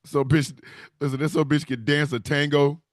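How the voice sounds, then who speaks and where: A man delivering a rambling, profane comedy rant with animated storytelling. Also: on the high side, moderate pace, dry recording, studio quality.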